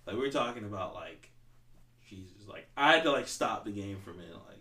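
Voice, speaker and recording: This podcast host is a man with a lowish, expressive voice, a slightly fast pace and a sharp tone. He rambles and swears through casual chat, leaning heavily on "like" as filler, and the recording has a roomy echo.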